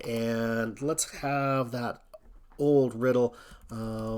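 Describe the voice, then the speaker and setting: A man hosting a coding tutorial, thinking aloud in a relaxed way as he walks through a screen recording. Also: mid-range voice, drawn-out words, clear, resonant tone.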